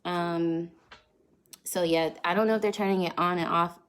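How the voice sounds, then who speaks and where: This young North Carolina woman has a lowish, steady voice at a moderate pace. She's a vlogger livestreaming from home on her phone's front camera, casually chatting through live comments with frequent laughter.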